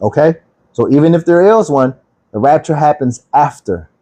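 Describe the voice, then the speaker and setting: A man's voice: fairly high pitch, lively intonation, moderate pace, mellow. A man teaching the Bible on a livestream, reading scripture aloud and then explaining it, checking in with listeners with "okay?" and "right?".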